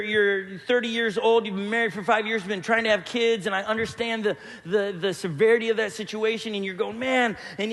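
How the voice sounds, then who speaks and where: A man's voice: high-pitched, a bit bright, big-room sound. A man preaching a sermon as a pastor, joking and telling stories while acting out the voices of people he quotes. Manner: humorous storytelling, quoting others in voices. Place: church hall.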